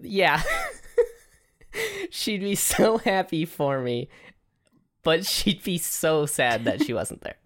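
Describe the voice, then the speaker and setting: A woman's voice: deep voice, very animated, takes it slowly, pauses often. A woman co-hosting a casual movie podcast, laid-back, reading out film facts and asking questions. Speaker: podcast co-host. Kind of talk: casual movie-review chat.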